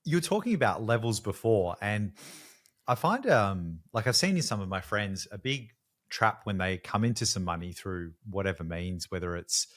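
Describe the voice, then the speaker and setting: A man's voice: fairly low pitch, expressive, moderate pace, fairly bright tone. A man in a casual chat, reflective and joking, who swears for emphasis.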